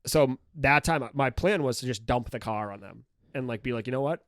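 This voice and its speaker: A comedian guest in casual podcast chat, telling stories in an animated way, acting out quotes and laughing as he goes. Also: mid-range voice, a little fast, no echo, studio quality. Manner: animated storyteller who acts out quotes, laughs mid-story.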